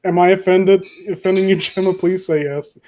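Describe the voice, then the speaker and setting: A young man chats casually in a high voice. He is animated and breaks into laughter often. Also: normal speed, a little hiss or hum. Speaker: podcast co-host. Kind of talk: casual group chat.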